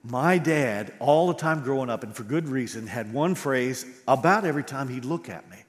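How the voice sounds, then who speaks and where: A man's voice: mid-range voice, lively intonation, normal speed, in a large hall. A man preaching a sermon as pastor, acting out quoted voices with animation.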